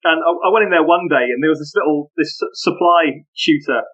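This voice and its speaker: A man telling animated stories in a casual interview, often laughing as he talks, in muffled lo-fi audio. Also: a little high, a little fast. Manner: animated, laughing, full of anecdotes. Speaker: podcast guest.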